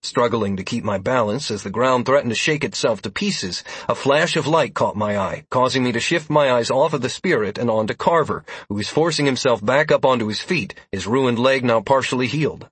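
Casting: husky male narrator, steady dramatic fantasy audiobook reading, close and dry. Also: mid-range voice, a little fast, few pauses, no room sound.

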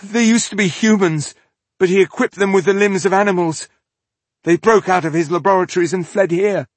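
Man doing a high-pitched stammering captive, pleading, husky, dry sound. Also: steady tone, slow, no echo. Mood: terrified.

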